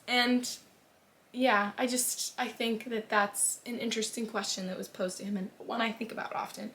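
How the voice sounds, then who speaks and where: A woman's voice: on the high side, pushed and bright. A young woman talking casually to camera about favorite books, gushing and emotional, swearing freely and trailing off into restarts. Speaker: book vlogger.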